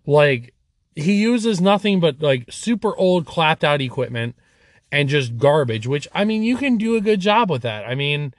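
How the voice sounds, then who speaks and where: A man's voice: a little high, a little slow, no room sound, clean studio sound. Blunt, foul-mouthed man on a podcast. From Michigan. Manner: crude, swears a lot, blunt and animated. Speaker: podcast co-host. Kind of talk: casual podcast chat.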